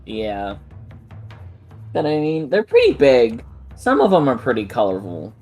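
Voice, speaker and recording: Player voicing a jittery young guy, lively swooping voice, laughs a lot. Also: medium pitch, measured pace, breathy edge, soft background music. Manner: animated, laughing. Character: nervous young man Wirt. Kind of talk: tabletop role-play.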